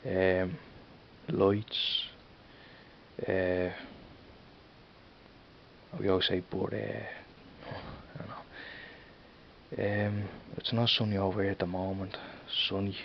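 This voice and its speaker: A man's voice: low voice, flat delivery, slow pace, gravelly, pauses often, dull audio, slight background noise. A man with a Dublin accent chatting casually in a home vlog, rambling and repeating "you know what I mean". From Ireland. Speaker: vlogger. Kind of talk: casual accent tag video.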